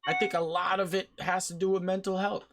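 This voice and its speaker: A man's voice: high voice, level tone, fairly quick, noisy background. A man hosting a podcast discussion, talking bluntly and heatedly, with frequent swearing. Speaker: podcast host. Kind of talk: casual discussion.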